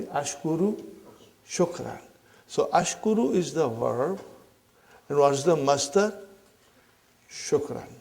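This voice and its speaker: A man teaches a grammar class at an unhurried, measured pace, his voice sitting a little high and carrying a rough, gravelly texture. He keeps asking his students questions and calls them brothers and sisters. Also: a little mellow. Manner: repeats questions to the class, checks understanding with "huh?" and "are you with me"; addresses listeners as brothers and sisters. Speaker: Arabic language teacher.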